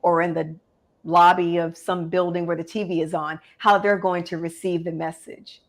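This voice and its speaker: A woman media coach and author, a guest on an interview show over a video call, explaining in a measured, authoritative tone. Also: lowish voice, level tone. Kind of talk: interview conversation.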